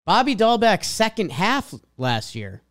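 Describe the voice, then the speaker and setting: A man's voice: sits high, big pitch swings, measured pace, fairly bright tone. A man with a Boston accent co-hosting a casual sports podcast, reading out stat lines with emphatic swings. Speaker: podcast co-host.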